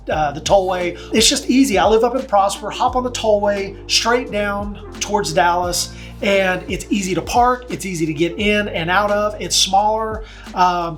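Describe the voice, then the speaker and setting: A man's voice: high voice, a bit bright. A man working as a real estate agent, from Texas, speaking in a casual, chatty vlog style with fillers and asides. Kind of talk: casual talking-to-camera vlog.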